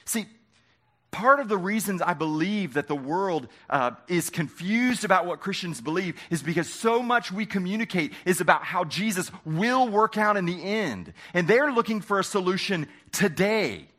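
A man preaching a sermon as pastor, slowing down to stress quoted words. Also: high voice, expressive, fairly bright tone. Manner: emphatic preaching with slow dramatic quotes.

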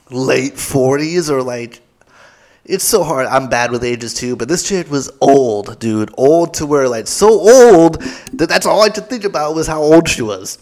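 A man's voice: mid-range voice, darkish tone. A man hosting a podcast, telling a comic story in a rambling, self-mocking way with lots of fillers. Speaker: podcast host. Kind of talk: comedic storytelling.

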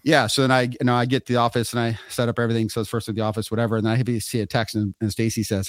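A man's voice: mid-range voice, rapid-fire, few pauses, dry recording. Middle-aged guy spinning a story, acts out the voices, dry close sound. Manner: animated storyteller acting out quotes. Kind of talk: casual storytelling chat.

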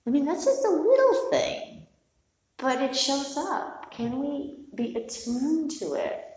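A woman's voice: sits high, big pitch swings, slow, a little mellow. A middle-aged woman teaching meditation, giving a candid, digressive dharma talk to a group with some casual swearing. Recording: roomy hall from a distance, faint noise.

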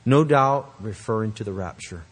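A man's voice: fairly low pitch, expressive, normal speed, breathy edge. A man preaching a sermon, emphatic and earnest, with conversational asides to the congregation. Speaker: pastor.

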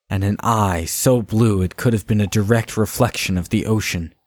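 A male narrator reads a fantasy story at a measured, even pace. His voice is very deep. The recording is dry and close. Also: no echo. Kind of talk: scripted audiobook narration.

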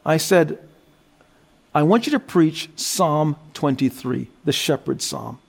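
A male preacher with a somewhat high voice delivers a sermon. He tells his story at a steady pace, then slows and goes deep whenever he quotes scripture or leads a prayer. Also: gravelly. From New Jersey. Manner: storytelling, drops low and slow for scripture and prayer. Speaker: guest preacher.

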